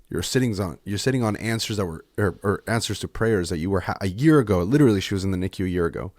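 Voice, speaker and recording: In a candid, emotional podcast conversation, a male co-host speaks earnestly and at length, rambling and interrupting himself to restart. His voice is lowish, and the clean studio sound has no echo.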